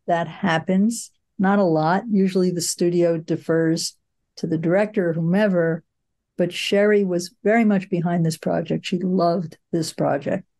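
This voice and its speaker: Older woman, producer guest in an interview, low warm voice, reflective and anecdotal, unhurried with fillers. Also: creaky. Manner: reflective, storytelling with frequent fillers. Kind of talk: conversational interview.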